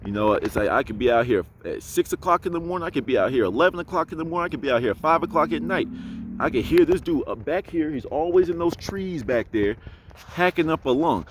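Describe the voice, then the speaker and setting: A man's voice: on the high side, expressive, fast, slight background noise. Blunt, preachy man talking outdoors. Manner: blunt, preachy, self-assured. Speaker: spiritual vlogger. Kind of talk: casual outdoor monologue. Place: outdoors in an urban area.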